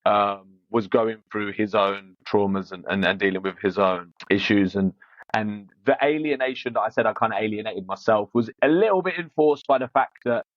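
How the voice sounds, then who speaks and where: A man's voice: fairly low pitch, normal speed, no echo. A man, a podcast guest, talking frankly and casually, often repeating words as he restarts. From Iran. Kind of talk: casual interview chat. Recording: dull, dry, lo-fi sound.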